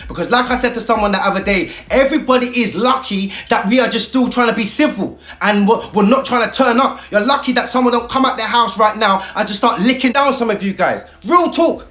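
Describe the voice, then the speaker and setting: A man's voice: very high-pitched, fairly bright tone. Heated man. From Britain. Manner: heated, confrontational, uses street slang. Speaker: activist vlogger. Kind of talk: impassioned rant to camera. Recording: echoey room.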